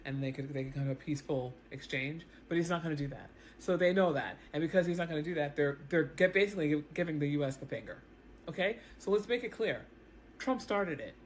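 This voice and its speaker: Animated woman explaining to camera. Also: deep voice, fast talker, slight background noise. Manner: animated, repeats words, talks straight to viewers. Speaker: news commentary vlogger. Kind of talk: casual explanatory commentary to camera. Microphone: self-recorded camera setup.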